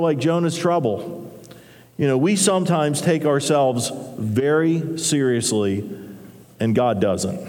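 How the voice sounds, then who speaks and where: A man's voice: a little high, darkish tone. A man preaching a sermon in a church, speaking in a conversational way and acting out the grumbling voices of his listeners. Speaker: pastor. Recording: long hall reverb.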